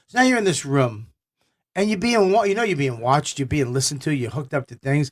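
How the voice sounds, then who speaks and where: A middle-aged man, a comedian telling stories on a talk show, excitable and swearing a lot. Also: on the high side, brisk. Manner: excitable, swears a lot, shouts in quoted outbursts. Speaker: guest comedian. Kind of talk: animated storytelling chat.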